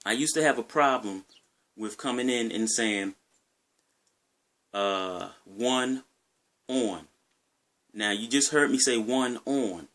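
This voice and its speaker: A man's voice: lowish voice, measured pace, pauses often, bright, forceful tone. A man with a Maryland accent talking casually to his viewers in a rambling, conversational way, often repeating himself. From Maryland, USA. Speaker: gaming vlogger. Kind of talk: casual talk to camera.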